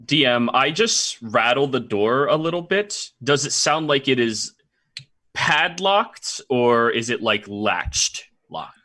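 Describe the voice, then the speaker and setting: A man's voice: medium pitch, lively intonation, slow pace, sharp tone. A man playing a tabletop game over a video call, asking the game master short, practical questions. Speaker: player. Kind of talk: casual tabletop play.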